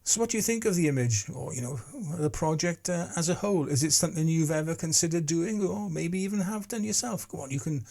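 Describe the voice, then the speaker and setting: A man's voice: fairly high pitch, animated, fast, creaky, few pauses, a little mellow. A man in his sixties chatting casually to camera as a vlogger, rambling and self-deprecating. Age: 60s.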